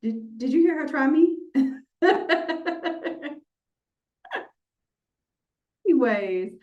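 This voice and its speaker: A woman instructor teaching a live online design class, animated and playful, talking straight to her viewers. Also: high voice, moderate pace, muffled recording. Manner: animated, playful, talks to the audience. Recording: roomy echo.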